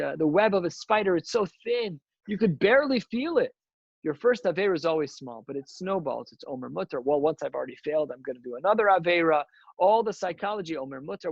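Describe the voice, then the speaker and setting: A man's voice: on the high side, creaky, slightly rough, dry recording, muffled recording. A man teaching a daily Talmud lesson as a rabbi, emphatic and full of rhetorical questions, working through the text aloud.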